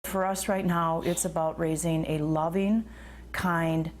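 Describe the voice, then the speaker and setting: A woman's voice: on the low side, steady tone, a little slow, a little hiss or hum. A middle-aged grandmother in a news interview, speaking with grief and emotion. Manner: grieving, emotional.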